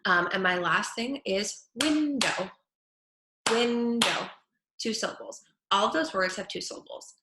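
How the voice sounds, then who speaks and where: A woman speech therapist teaching children at home, saying each word slowly and clearly. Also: mid-range voice, very noisy. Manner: slow, clear over-articulation of words. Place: her home kitchen. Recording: echoey room.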